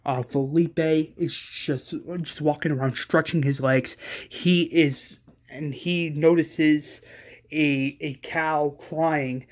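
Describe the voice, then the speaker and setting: A man retelling an imagined episode in a casual fan narration, excitable and profane, stumbling over restarts. His voice sits somewhat high and his pace is slow and drawn out. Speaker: fan storyteller.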